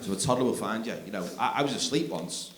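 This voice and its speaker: A man doing live stand-up comedy on a theatre stage, swinging from mumbled asides to shouted outbursts. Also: on the low side, fast, very noisy. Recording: roomy live theatre recording with crowd. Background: laughing audience.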